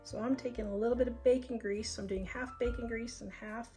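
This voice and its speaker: A woman's voice: a little high, steady tone, a little fast, dark tone, rough recording. A woman hosting a casual cooking demonstration in her home kitchen, chatty and homey, talking through each step aloud. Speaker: home cook and channel host. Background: background music.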